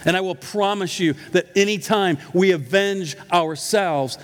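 A man's voice: sits high, a little slow, few pauses. A middle-aged male pastor preaching a sermon, telling stories with emphatic, humorous asides. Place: church sanctuary. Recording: echoey church hall.

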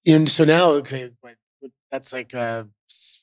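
A man's voice: medium pitch, moderate pace, dry recording, studio quality. A middle-aged man from Canada, a podcast guest chatting casually and telling stories with lots of fillers. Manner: relaxed storyteller, many fillers. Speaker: guest, former wrestler. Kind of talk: casual interview chat.

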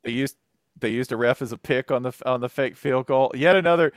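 A man co-hosting a loose sports talk show, joking and gushing with plenty of swearing. His voice sits at an ordinary middle pitch. The recording is dry and close. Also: fairly quick, clean tone, no room sound. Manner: animated, jokey, profane. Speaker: podcast co-host. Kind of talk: casual sports chat.

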